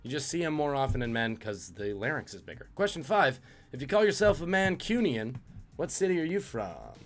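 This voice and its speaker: A man hosts a live-streamed trivia quiz, mixing questions with dry jokes about the viewers' guesses. His voice sits at a middle pitch. Soft music plays faintly behind him. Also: big pitch swings, brisk. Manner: jokey, reads out questions and chat guesses. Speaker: trivia host.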